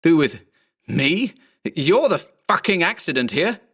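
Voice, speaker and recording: A man yelling as a panicked thirty-something man. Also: high-pitched, big pitch swings, fairly quick, voice pushed up, exaggerated voice. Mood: aghast. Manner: shouting, frantic, swearing. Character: panicked, furious balding thirty-year-old man.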